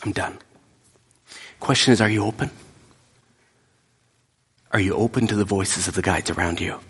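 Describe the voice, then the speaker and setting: Low-voiced pastor in a reverberant hall. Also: male voice, normal speed, slightly rough. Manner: emphatic, drops to hushed whispers. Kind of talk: sermon.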